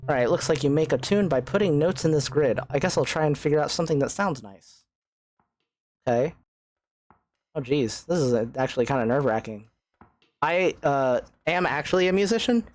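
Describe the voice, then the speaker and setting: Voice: medium pitch, moderate pace, pauses often, darkish tone, no room sound. A young adult game streamer in casual let's-play chat, self-mocking, often stammering and swearing. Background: faint game music.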